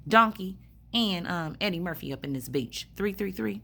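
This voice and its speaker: Gravelly, pushed, and bright, her lowish voice stays animated at a moderate pace. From a hospital room, this spiritual vlogger rambles through a casual story, blunt and profane and full of fillers.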